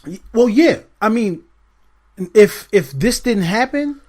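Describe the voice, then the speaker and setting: A man co-hosting a podcast in casual chat, animated and acting out quotes as he talks. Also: high voice, slow pace. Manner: animated, acts out quotes, asks "you see what I'm saying". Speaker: podcast co-host.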